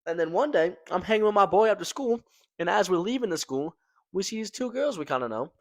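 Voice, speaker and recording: A man's voice: high voice, expressive, brisk, dry recording. A young man casually telling a personal story to his viewers, slangy and loose, tossing in "man" and "right?" as he goes. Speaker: storytelling vlogger.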